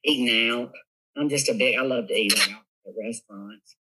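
A man with a Southern US accent, a guest telling funny stories in a giggly, animated way. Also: mid-range voice, normal speed, slightly rough, rough recording. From Tennessee, USA. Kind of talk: casual storytelling interview.

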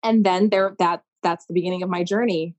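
A woman in her thirties from Maine, a Broadway performer talking in a casual interview, telling stories in an effusive, animated way. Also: lowish voice, brisk. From Maine, USA. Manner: effusive, animated storytelling with lots of "like".

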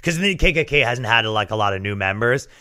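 A man hosting a podcast, riffing in a profane, animated comedic rant. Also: medium pitch, a little fast. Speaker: podcast host.

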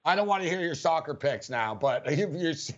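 A man's voice: fairly high pitch, lively intonation, brisk, lo-fi sound. A man hosting a sports betting radio show, rambling casually with frequent chuckles.

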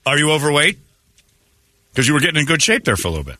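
A man's voice: fairly high pitch, very animated, fast talker, sharp tone, no room sound. A man hosting a radio morning show, teasing his guests and laughing often. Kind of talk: casual radio banter. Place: radio studio. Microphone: studio mic.

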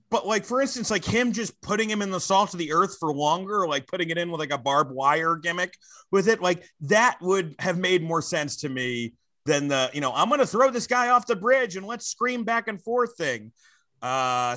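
A man whose voice is on the high side co-hosts a comedy wrestling podcast, chatting casually and crudely and swearing freely in an animated way. There is no echo on the recording.

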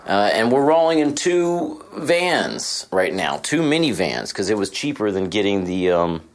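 Deep-voiced man rambling casually. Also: big pitch swings, a little slow. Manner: rambling, self-deprecating, profane. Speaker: podcast host. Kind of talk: casual monologue. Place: hotel room.

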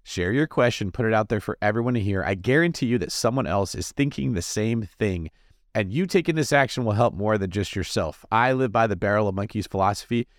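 Animated man hosting a podcast. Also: lowish voice, brisk, dry recording, clean studio sound. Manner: animated, jokey, fidgety delivery. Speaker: podcast host. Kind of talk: energetic casual monologue.

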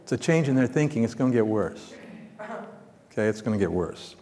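A man preaching a sermon, teaching through scripture in a conversational way, asking his listeners questions and swinging between loud emphatic bursts and quiet asides. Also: medium pitch, lively intonation, a little fast, a little hiss or hum. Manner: conversational, asks the congregation questions. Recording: long reverb of a large hall.

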